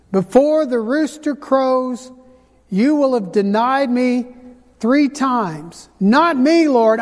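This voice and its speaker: A man preaching a sermon, retelling scripture with dramatic pauses and slowed emphasis. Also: very high voice, a little mellow. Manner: dramatic storytelling, slows for emphasis. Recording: hall reverb.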